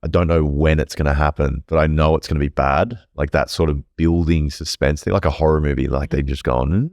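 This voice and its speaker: Very deep-voiced man, swearing freely. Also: fairly even intonation, fairly quick, darkish tone, no room sound, clean studio sound. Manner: swears freely, rambling and candid. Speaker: podcast guest. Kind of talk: casual storytelling.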